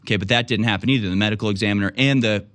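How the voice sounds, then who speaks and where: A man's voice: fairly low pitch, very fast, fairly bright tone. Indignant, sarcastic male talk host. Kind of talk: political commentary.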